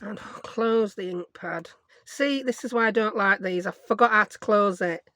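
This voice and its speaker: A woman's voice: mid-range voice, unhurried, a bit bright, no room sound, studio quality. Rambling woman, craft vlogger, self-mocking home chatter. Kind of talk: casual chat while crafting.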